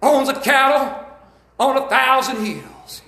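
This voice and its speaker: A Southern-accented man preaches in a church, his voice pitched unusually high as he swings into shouted calls to the congregation. The sound carries a roomy echo from the sanctuary around him. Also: takes it slowly. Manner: fervent preaching, rising to shouts and calling out to the congregation. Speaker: pastor. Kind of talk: sermon.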